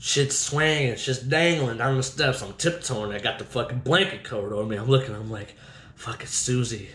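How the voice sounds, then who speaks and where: A man hosting a podcast, telling his own story casually with constant swearing and an animated delivery. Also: mid-range voice, fairly quick, echoey room, rough recording. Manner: heavy swearing, animated retelling.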